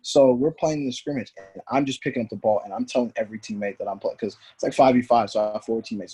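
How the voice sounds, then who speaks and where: A man's voice: fairly low pitch, fast, hardly any pauses, slightly rough. A man, a former pro soccer player, telling stories as a podcast guest and acting out the voices he quotes. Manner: animated, acts out quoted voices. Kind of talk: storytelling in conversation.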